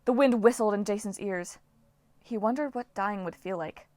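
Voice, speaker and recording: A woman reading a novel aloud as an audiobook narrator, with steady, dramatic storytelling. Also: medium pitch, normal speed, dry recording. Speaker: audiobook reader.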